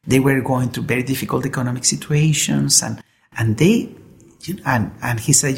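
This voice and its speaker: A preacher delivering a sermon, weaving a story into the message. The voice is gravelly with a touch of fry, and the delivery is earnest, with frequent restarts as words are sought. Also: mid-range voice, steady tone, moderate pace, a little hiss or hum. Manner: earnest, repeats words while searching for them.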